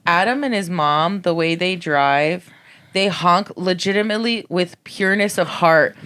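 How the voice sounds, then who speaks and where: A woman's voice: on the low side, measured pace, a bit bright, clean tone. A woman co-hosting a casual chat podcast, telling stories bluntly and swearing freely. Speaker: podcast co-host.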